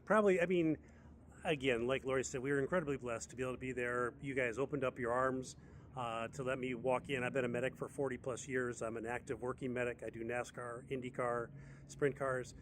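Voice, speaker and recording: American man, 60s, medic, chatty animated storyteller, middle pitch, faint background noise. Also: a little fast. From United States. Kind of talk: casual storytelling.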